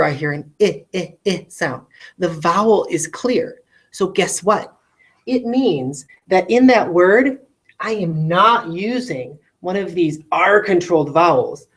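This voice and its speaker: A woman with a slightly low voice teaches a recorded phonics lesson for classrooms. She stretches each word out sound by sound and keeps checking in with quick rhetorical questions. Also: poor audio.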